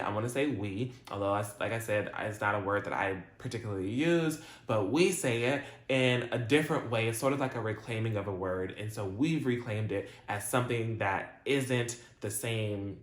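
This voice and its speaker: A man's voice: fairly low pitch, moderate pace, few pauses. Chatty man recapping a show, roomy sound. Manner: chatty retelling, heavy use of "like" and slang. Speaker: TV episode recap vlogger. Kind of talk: casual episode recap. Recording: roomy echo.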